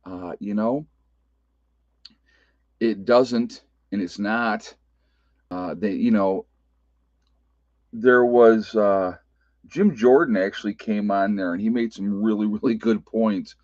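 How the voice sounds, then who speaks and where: A man's voice: lowish voice, slow pace, pauses often, darkish tone, dry recording. A man with an Appalachian American accent hosting a casual livestream, talking loosely, laughing often and restarting his sentences. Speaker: livestream host. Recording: dull lo-fi webcam audio.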